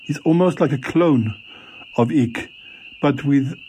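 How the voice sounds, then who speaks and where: A man's voice: a little high, takes it slowly, dark tone, husky, exaggerated voice. A man voicing a shy, easily flustered character in a comedy audio drama, protesting nervously. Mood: worried.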